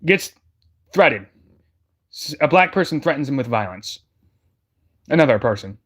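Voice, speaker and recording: A man's voice: mid-range voice, very animated, normal speed, fairly bright tone. A man giving heated, scornful reaction commentary as a streamer, speaking straight to his viewers. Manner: emphatic, scornful, addresses the audience directly.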